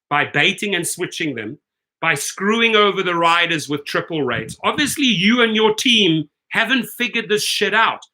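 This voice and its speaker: Confrontational rant from a male video host with a high, tense voice who talks straight at the bosses, ends points with a "right?". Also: bright, forceful tone, rough recording. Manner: confrontational, speaks straight to executives, keeps asking "right?". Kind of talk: ranting commentary vlog.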